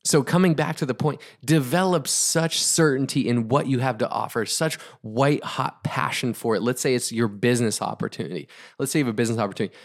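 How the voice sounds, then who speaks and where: A man giving an energetic motivational talk on sales, emphatic and repetitive, driving his points home. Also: medium pitch, a little fast, few pauses. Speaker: podcast host, entrepreneur.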